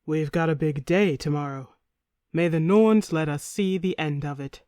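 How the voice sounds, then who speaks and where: A woman doing a calm Viking chieftain. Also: low-pitched, moderate pace, no echo, clean studio sound, close to an everyday voice. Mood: steady. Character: calm male Viking chieftain, steady and assured.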